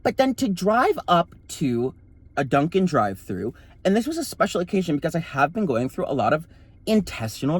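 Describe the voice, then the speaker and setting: A man's voice: fairly high pitch, husky, no room sound. Campy, sassy man with a swooping voice. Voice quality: voice read as feminine. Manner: campy, sassy, profane, theatrical. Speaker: vlogger. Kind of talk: casual storytelling vlog.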